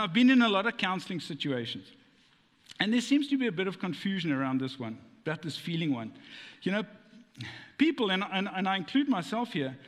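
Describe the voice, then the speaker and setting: Preaching with a voice that is high, lively, and jumping all over, a pastor cracks jokes and throws rhetorical questions at his congregation during a sermon. A long hall reverb makes his words ring out.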